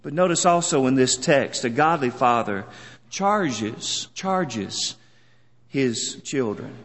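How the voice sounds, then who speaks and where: A man preaching a sermon in an earnest, measured way, leaning on words for solemn emphasis. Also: mid-range voice, animated, fairly bright tone, big-room sound.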